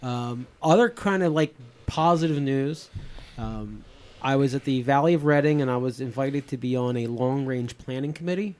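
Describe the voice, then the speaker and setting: A man's voice: medium pitch, normal speed, a little mellow. A man in his fifties hosting a podcast, chatting casually with lots of fillers and restarts. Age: 50s. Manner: rambling, many fillers and restarts. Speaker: podcast host. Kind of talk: casual chat.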